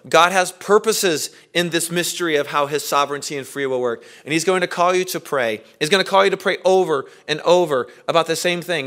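A man preaching a sermon, earnest, asking rhetorical questions and swinging between loud emphasis and quiet. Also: a little high. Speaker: pastor.

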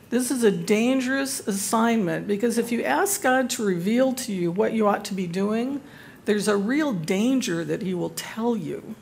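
An older woman leads a Bible study group, mixing scripture with self-deprecating humor. Her voice has a gravelly edge. A faint background hiss runs under the recording. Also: a little high, expressive, a little slow. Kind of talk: devotional talk to a group.

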